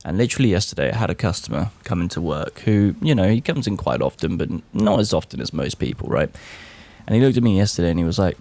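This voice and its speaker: A young man talking casually to camera, animated, swearing freely and calling the listener bro. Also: deep voice, quick pace. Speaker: vlogger.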